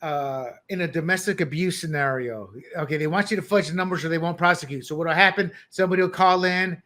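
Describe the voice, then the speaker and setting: Animated high-voiced man talking politics. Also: quick pace. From born abroad, country once under dictators. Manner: animated, mocking, bursts into loud quoted voices. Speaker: podcast co-host. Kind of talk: opinionated political talk.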